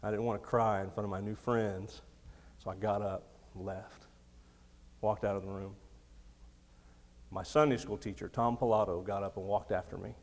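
Storytelling preacher in a reverberant hall. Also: male voice, on the low side, steady tone, moderate pace. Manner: storytelling, laughs often, swings between quiet and loud. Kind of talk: sermon.

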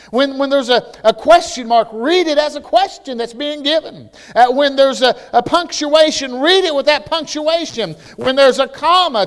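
A male pastor preaching a sermon with passion, sometimes rising to shouts and often restarting his words. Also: very high-pitched. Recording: long hall reverb.

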